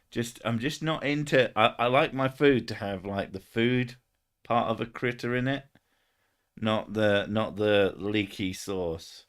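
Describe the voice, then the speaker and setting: A man's voice: mid-range voice, slow pace, pauses often. A young man hosting a casual stream chat, joking, swearing often and laughing between jokes. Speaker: streamer host.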